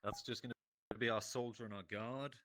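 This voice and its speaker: A man planning a role-play game session in a brisk, practical way. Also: mid-range voice, fairly even intonation, bright, forceful tone, no room sound, studio quality. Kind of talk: casual gaming chat.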